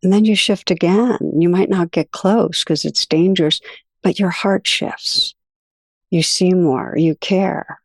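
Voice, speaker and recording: A woman giving a reflective meditation teaching talk, telling stories gently with soft, unhurried pauses. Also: lowish voice, no echo, clean studio sound.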